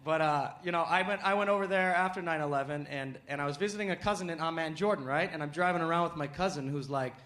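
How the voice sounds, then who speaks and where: A man from the United States performing a stand-up comedy set, with punchy delivery that climbs to shouts on punchlines, recorded live on a handheld mic. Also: a little high, fast, hardly any pauses, slight background noise. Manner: punchy, acts out voices and rises to shouting on punchlines. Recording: live club, loud crowd and laughter.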